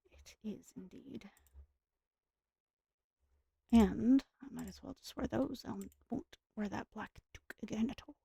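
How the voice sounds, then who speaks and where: A tired woman giving soft-spoken, rambling commentary while she plays a game, with self-deprecating asides. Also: fairly high pitch, normal speed, creaky, a little hiss or hum. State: tired, speaking softer and lower. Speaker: gaming streamer. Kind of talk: casual gameplay commentary.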